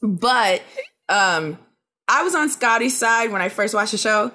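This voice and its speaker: A woman co-hosting a casual podcast, recapping a reality show in an animated, profane, mocking way. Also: mid-range voice, unhurried. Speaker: podcast co-host.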